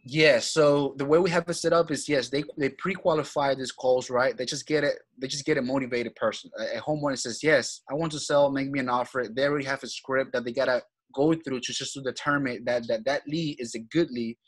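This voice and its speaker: Guy, husky, mid-range pitch, upbeat and repetitive. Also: fairly quick, hardly any pauses. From Venezuela. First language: Spanish. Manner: energetic, repeats key points, frequent "right?" and "man". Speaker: guest, real estate acquisitions manager. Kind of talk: casual interview talk.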